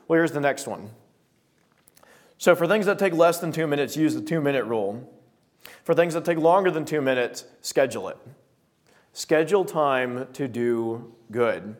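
A man's voice: fairly high pitch, moderate pace. A young man preaching a sermon to a small gathering, telling stories and acting out quoted voices. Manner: animated storytelling with voiced quotes.

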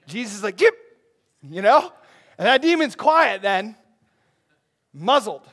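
Man, pastor, high voice, conversational sermon, animated asides to the congregation. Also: unhurried. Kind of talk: expository sermon.

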